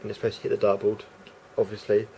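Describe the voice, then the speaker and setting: A man talks quickly in a fairly low, flat, dark voice, with a faint hiss or hum behind him. He's a vlogger rambling through a casual monologue, hesitating, restarting and filling gaps with fillers.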